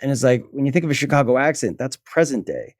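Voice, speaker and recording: A middle-aged man, a guest actor, telling an animated story in casual chat and acting out the voices he quotes. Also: medium pitch, fast, no echo, studio quality. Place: livestream podcast.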